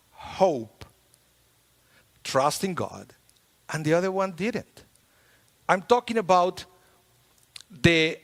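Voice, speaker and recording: A man giving a sermon as a rabbi, talking in a conversational, lively way with playful humor. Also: sits high. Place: synagogue sanctuary. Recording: long hall reverb in a large sanctuary.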